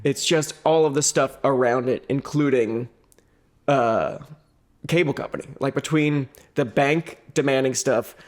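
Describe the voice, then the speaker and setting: A man's voice: mid-range voice, a little slow. A young adult man co-hosting a podcast, talking casually in a wry, reflective way. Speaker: podcast co-host. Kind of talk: casual chat.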